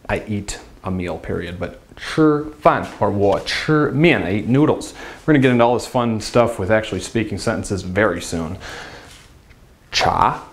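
A man teaching Mandarin pronunciation in a video lesson, patiently repeating syllables with exaggerated tones and adding playful asides. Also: mid-range voice.

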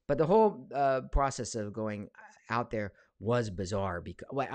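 A voice actor in his forties chats casually on a live stream from his home studio, reading viewer questions aloud with lots of fillers. His mid-range voice moves at normal speed and is a little mellow, recorded on a studio mic with no room sound.

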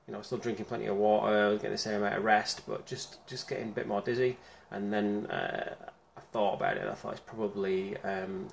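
A man's voice: lowish voice, creaky, slight background noise. A man rambling through a personal video diary in a chatty way, with many ums, recorded at home. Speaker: vlogger.

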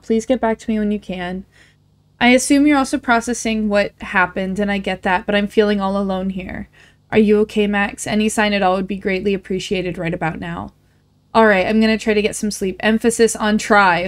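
A woman hosting a gaming video, reading out in-game messages and letters at a mid pitch. She talks casually and drops in quick asides between the lines. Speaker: gaming channel host. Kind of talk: let's play, reading game texts aloud.

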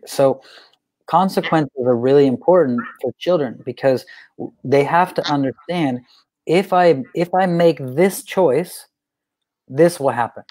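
A man teaching about parenting in a conversational way, an animated storyteller who repeats phrases for emphasis. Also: medium pitch, dry recording. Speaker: guest speaker on parenting.

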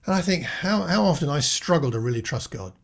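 A man's voice: on the high side, expressive, brisk, vocal fry. A man giving a reflective Bible teaching, talking earnestly with restarts and rhetorical questions. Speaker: preacher.

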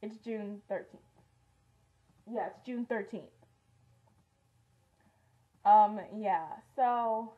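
A woman's voice: a little high, steady tone, slow, long pauses. Chatty teen girl, tinny sound. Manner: chatty, rambling with many ums and likes. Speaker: beauty vlogger. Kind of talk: casual monthly favorites vlog.

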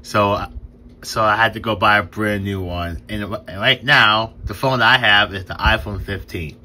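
An excitable young man hosts a casual toy review, tripping over his words and laughing between lines. His voice sits a little low but rings bright and forceful, and a faint hiss runs under it from the phone recording. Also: normal speed. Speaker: toy reviewer and channel host. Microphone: new phone camera.

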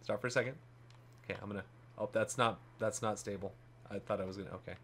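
A man's voice: on the low side, steady tone, fast, a bit bright. A man playing a co-op game with a friend, giving orders, swearing and laughing as they fumble the controls. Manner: laughing, swearing, bossy instructions. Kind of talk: casual game commentary.

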